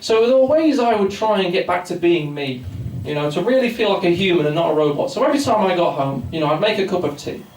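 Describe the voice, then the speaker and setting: Fast and expressive with few pauses, a twenty-something English stand-up rattles through rambling, self-mocking material and bantering in a pub function room before a live audience. His high voice has a darkish tone, recorded far from the mic in an echoey room full of laughter and chatter.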